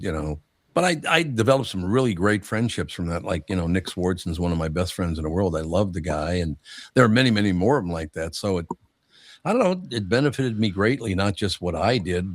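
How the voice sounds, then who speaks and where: Brief: older male radio host, low voice, dry close mic, chatty and quick to laugh. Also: animated, dry recording. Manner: laughs often, rambling anecdotes. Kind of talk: casual talk-radio chat.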